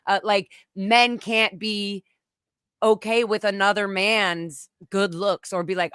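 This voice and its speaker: Woman, interview guest, impassioned, emphatic, middle pitch, dry close recording. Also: fairly even intonation, slow, fairly bright tone, clean tone, no echo. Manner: impassioned, emphatic, gets emotional. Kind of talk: candid conversational interview.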